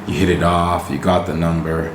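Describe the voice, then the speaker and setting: Lower-voiced emphatic male podcast co-host. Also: normal speed, noisy background. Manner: animated, emphatic, keeps asking "right?". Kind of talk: casual podcast chat. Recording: roomy recording.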